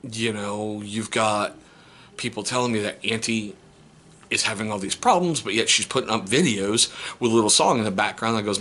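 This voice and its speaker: A middle-aged step-parent vlogger, angry and holding himself back, talking through a painful family situation in a personal monologue. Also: male voice, lowish voice, moderate pace. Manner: seething, restrained, voice cracking into sharp outbursts.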